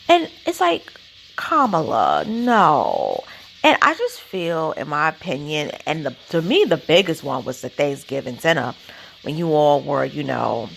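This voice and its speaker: A woman's voice: medium pitch, gravelly, a bit bright, a little hiss or hum. A woman vlogger giving blunt, opinionated political commentary and speaking straight to the people she criticizes.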